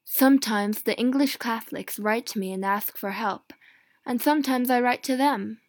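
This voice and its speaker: A woman reading an audiobook in the first person, with a measured, earnest delivery that turns emphatic in pleading passages. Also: fairly high pitch, no echo. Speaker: audiobook reader.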